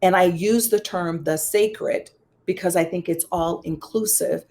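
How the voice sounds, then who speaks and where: A woman guest who is both a psychologist and a pastor tells a personal story in an interview, speaking a little slowly in an animated, conversational way with some self-deprecating humor. She acts out quoted dialogue with big swings in pitch.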